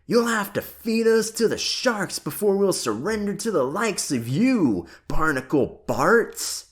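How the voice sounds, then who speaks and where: A reader voicing a young boy playing a brave sailor, shouting defiantly in an audiobook character voice. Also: mid-range voice, big pitch swings, unhurried, voice pushed up. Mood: defiant, excited.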